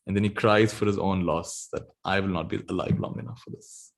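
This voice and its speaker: A man giving a dharma talk, telling a story gently and laughing often as he goes. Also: low voice, steady tone, fairly quick, gravelly. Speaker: spiritual teacher.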